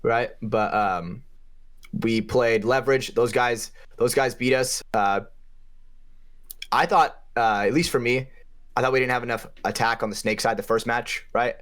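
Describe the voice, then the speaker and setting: A young man co-hosting a podcast, telling a game story in a casual, profane way, with his voice jumping up in pitch for emphasis. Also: measured pace, a bit bright. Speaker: podcast co-host and paintball player.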